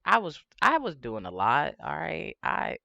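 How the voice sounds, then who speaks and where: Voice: medium pitch, huge pitch swings, measured pace, gravelly, pushed and bright, dry recording, highs cut off. A livestream host with a lisp, chatting casually and rambling with swearing and frequent laughs.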